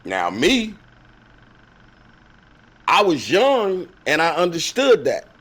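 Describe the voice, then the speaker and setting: A man hosting a show, retelling a Bible story as casual comedy with slang, acting out the characters in lively voices. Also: a little high, takes it slowly. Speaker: host.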